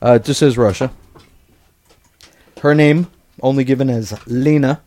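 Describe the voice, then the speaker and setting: A man's voice: mid-range voice, steady tone, unhurried, dark tone. A man co-hosting a comedy podcast, reading odd news bits aloud in casual chat. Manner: reads news bits aloud, breaks into laughter. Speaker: podcast co-host reading stories.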